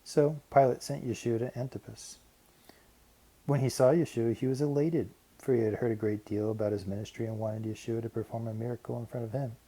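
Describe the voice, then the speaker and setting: A man narrating a Bible passage in a measured, steady reading. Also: medium pitch, poor audio. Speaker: Bible reader. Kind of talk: scripted narration.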